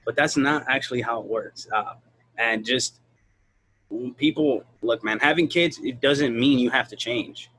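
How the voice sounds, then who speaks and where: Blunt profane man, husky voice. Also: medium pitch, measured pace. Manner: blunt, profane, animated storytelling. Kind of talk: casual podcast chat.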